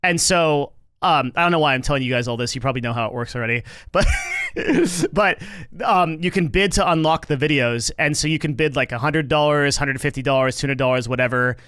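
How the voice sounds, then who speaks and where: A man's voice: on the high side, brisk, a bit bright, clear, resonant tone, no room sound. A man streaming and reacting to news in casual commentary, rambling with lots of fillers, restarts and swearing.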